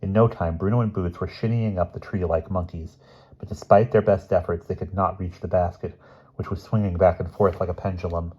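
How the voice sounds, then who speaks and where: Low-voiced man reading a story. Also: steady tone, fairly quick, breathy edge. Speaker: reader. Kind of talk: reading a children's novel aloud. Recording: dull lo-fi recording.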